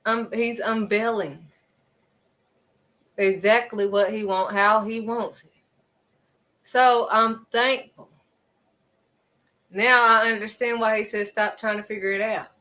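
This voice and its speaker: A woman's voice: mid-range voice, bright, forceful tone. A woman speaking earnestly and conversationally, giving spiritual encouragement with dramatic little asides. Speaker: faith vlogger.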